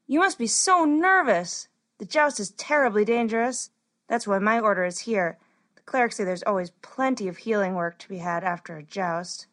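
A woman's voice: mid-range voice, lively intonation, normal speed, natural voice. A woman doing a shy young healer girl. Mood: gentle. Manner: soft and gentle. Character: shy kind young female healer apprentice.

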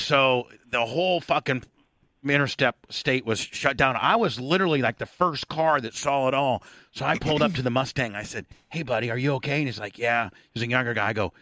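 Brief: male radio host, forties plus, crisp bright voice, casual storyteller. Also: mid-range voice, no echo. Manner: profane, storytelling, animated.

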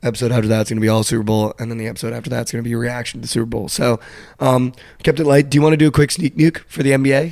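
Gravelly young man telling a story. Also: mid-range voice, rapid-fire, hardly any pauses, no room sound, clean studio sound. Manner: animated storyteller, mimics a stranger flatly. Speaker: podcast co-host. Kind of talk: casual sports betting chat.

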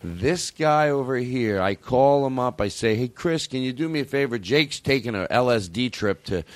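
Rambling, animated male comedian host. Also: medium pitch, normal speed, dry recording. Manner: rambling, animated, self-interrupting. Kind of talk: casual comedic storytelling.

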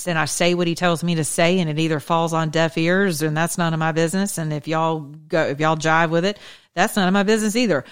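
Blunt, snarky political commentator, a woman, smooth resonant voice, emphatic casual monologue. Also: low-pitched. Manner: emphatic, repetitive, preachy.

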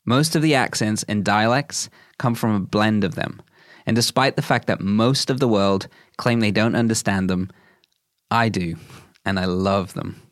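A man reading scripted narration for a podcast in a smooth, fond way. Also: on the low side, unhurried, no echo, studio quality.

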